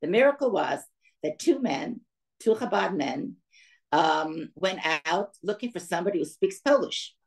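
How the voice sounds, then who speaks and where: A woman's voice: on the low side, lively intonation, moderate pace, creaky, poor audio. An older woman giving a talk to an audience, telling a family story and acting out the voices of the people in it. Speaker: guest speaker.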